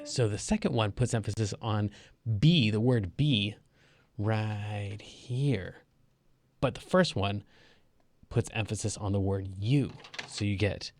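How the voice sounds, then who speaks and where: A man's voice: fairly low pitch, measured pace. A man teaching an online piano lesson in a loose, chatty way, with fillers. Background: piano playing.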